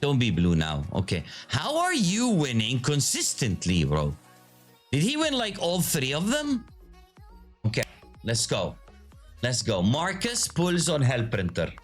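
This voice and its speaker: A man talking to his viewers in casual live commentary, excitable and profane, his pitch swinging up and down a lot. He takes his time and speaks in an unhurried way even when worked up. Faint music plays under his voice. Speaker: video host.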